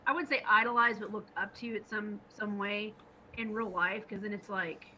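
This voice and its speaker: Bright, laughing woman telling stories. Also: mid-range voice, normal speed, slight background noise, poor audio. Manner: laughs often, animated retelling with put-on quotes. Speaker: podcast co-host. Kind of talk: casual storytelling chat.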